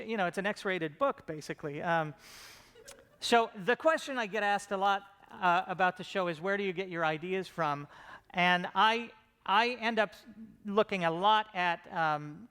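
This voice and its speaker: Man, higher voice, smooth and clear, joking conference talk, lots of ums. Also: moderate pace, bright, forceful tone. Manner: joking, self-deprecating, many fillers and restarts. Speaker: comedy show creator giving a conference talk. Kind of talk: casual comedic talk to a live audience.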